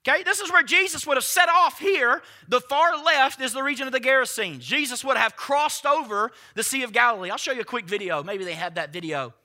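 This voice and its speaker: A man's voice: extremely high pitch, fairly quick, few pauses, sharp tone. A man preaching a sermon emphatically, firing rhetorical questions at his congregation. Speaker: pastor.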